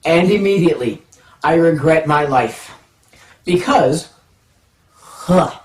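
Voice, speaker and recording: Male storyteller, animated and playful, slightly high voice, echoey room, set back from the mic. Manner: animated, drawn-out pauses, playful suspense. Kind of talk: personal anecdote storytelling. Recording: roomy, from a distance.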